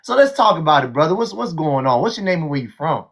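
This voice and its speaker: A man hosting a heated call-in livestream, loud, profane and mocking, often repeating himself. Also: a little high, very animated, fast, husky. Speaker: livestream host.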